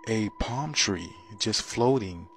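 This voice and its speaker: A man vlogging casually to viewers, excited and drawing out his words. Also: fairly low pitch, soft background music. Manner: excited, drawn-out speech. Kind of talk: casual vlog talk.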